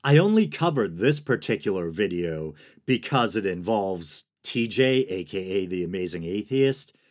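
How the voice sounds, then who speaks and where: A podcast host talking alone, this man has a low voice and a moderate pace. His delivery is monotone and sedated, punctuated by dry sarcasm and quiet laughter.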